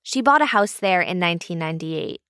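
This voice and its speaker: Woman narrator, lowish voice, dry studio read, steady. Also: a little fast, smooth, no echo. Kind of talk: scripted documentary narration.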